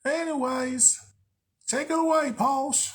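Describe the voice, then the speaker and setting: A man voicing a cheerful, compassionate female goddess in a high falsetto with a put-on Southern accent. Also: steady tone, slow, slight background noise. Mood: folksy, cheerful. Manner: high falsetto, drawling and friendly.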